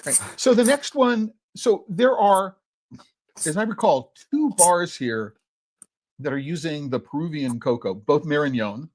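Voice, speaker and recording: A man's voice: on the high side, expressive, measured pace, darkish tone. A man hosting a podcast tasting, talking loosely and often ending thoughts with "right?" as he chews. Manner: rambling, frequent "right?" tag questions; talks while chewing chocolate. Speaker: podcast host and chocolate educator. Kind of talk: conversational tasting commentary.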